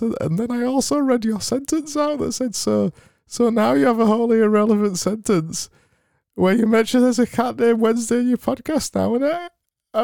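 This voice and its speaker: A man putting on a high, sing-song, over-cheery voice of a forced happy man, with faint music behind. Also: darkish tone, dry recording, studio quality.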